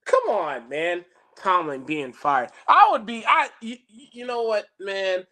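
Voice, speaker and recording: A podcast co-host in casual sports chat, emphatic and rising to rhetorical outbursts, then dropping soft. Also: medium pitch, sing-song, unhurried. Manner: emphatic, rhetorical questions, swings loud and soft.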